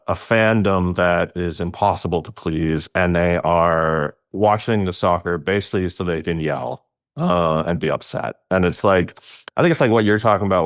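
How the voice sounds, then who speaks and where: A man's voice: sits low, no room sound, studio quality. A middle-aged man telling stories in casual conversation, laughing often and jumping his voice up for emphasis. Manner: animated storyteller, laughs often, voice jumps up for emphasis.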